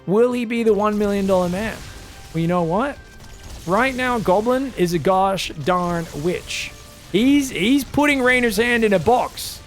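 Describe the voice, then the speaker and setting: An excitable male esports caster giving quick play-by-play of a strategy match. His voice sits high and erupts into shouts when the action turns, with faint music behind. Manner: fast play-by-play with shouted outbursts. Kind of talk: excitable live game commentary.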